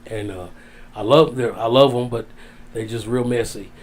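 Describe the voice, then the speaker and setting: A man telling a heartfelt story as a guest, drawn out, dropping low and soft on the sad parts. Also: steady tone, moderate pace. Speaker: wrestling guest. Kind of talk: storytelling in casual interview.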